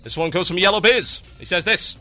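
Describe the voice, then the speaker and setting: Blunt, sharp-voiced male podcast host. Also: sits high, fairly quick, faint music behind. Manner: blunt, opinionated, ranting. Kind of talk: casual solo podcast talk.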